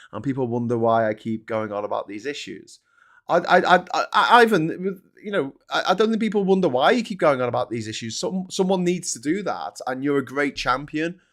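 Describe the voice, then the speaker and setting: A man with a Scouse accent hosting a political livestream, reading chat and ranting with plenty of swearing. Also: mid-range voice. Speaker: live stream host.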